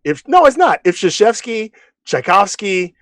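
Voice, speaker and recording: A man's voice: high voice, very animated, a little slow, gravelly, a bit bright, no echo. Emphatic man making his point. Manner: emphatic, lecturing when arguing a point. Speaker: podcast co-host. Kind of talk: casual discussion.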